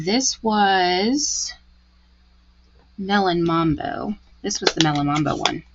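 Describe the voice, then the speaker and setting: A woman's voice: fairly low pitch, muffled recording, a little hiss or hum. A woman giving a live craft tutorial, chatty and gushing as she talks through each step. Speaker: card-making demonstrator.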